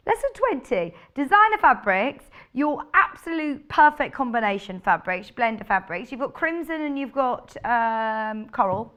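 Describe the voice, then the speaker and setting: A woman's voice: on the high side, fairly bright tone. Chatty woman presenting on air. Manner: chatty and gushing, reads out viewer messages. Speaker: shopping channel presenter. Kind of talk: live on-air product presentation.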